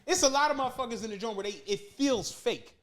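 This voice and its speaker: Man, very high pitch, podcast co-host, casual profane chat, story impressions. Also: fast talker, background noise. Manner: laid-back, profane, imitates people in stories.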